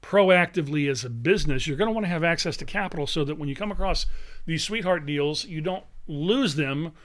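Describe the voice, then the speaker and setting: A man delivers a live online training session with a slightly raised pitch. He talks in an emphatic, salesy way. He keeps checking in with his listeners with a quick "okay?". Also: fairly bright tone. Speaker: real estate investing coach. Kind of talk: live webinar teaching.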